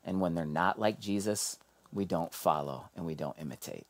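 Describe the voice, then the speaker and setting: A male pastor delivering a sermon in an animated storytelling way. His voice drops low and quiet for reflective points, then climbs high and loud when the story gets heated. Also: normal speed.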